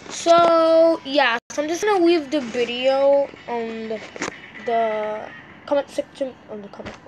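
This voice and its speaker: A woman's voice: high voice, measured pace, background noise. A sleepy woman vlogger rambling through casual commentary, easily frustrated and talking straight to her viewers. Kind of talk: casual screen-recording commentary.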